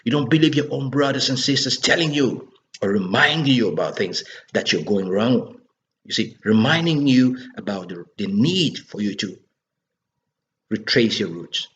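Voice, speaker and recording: A man's voice: mid-range voice, lively intonation, moderate pace, fairly bright tone. A man delivering an impassioned political monologue, scolding and asking rhetorical questions again and again. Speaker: political commentator. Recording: dull lo-fi recording.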